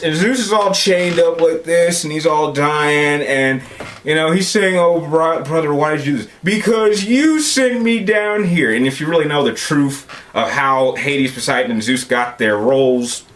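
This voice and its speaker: A man's voice: on the high side, fairly bright tone, a little hiss or hum. A young man giving a loose, rambling spoken recap as a movie reviewer, full of fillers and asides.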